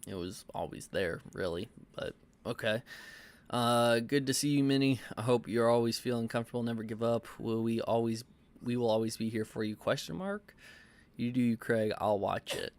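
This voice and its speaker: A man giving reaction commentary and reading viewer comments, halting often with fillers and stuttered restarts. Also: mid-range voice. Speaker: commentary YouTuber.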